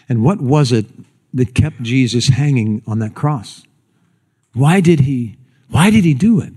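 A man preaching a sermon to a congregation. He tells a folksy story, then slows and drops low and quiet for the solemn points. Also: expressive, husky. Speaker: pastor.

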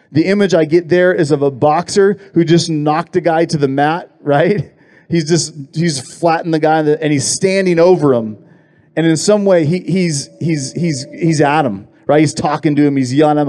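Pastor, male, earnest sermon delivery, slightly high, warm voice, emphatic repeats. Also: steady tone, dry recording, clean studio sound. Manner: earnest, emphatic, repeats words and slows down for key phrases.

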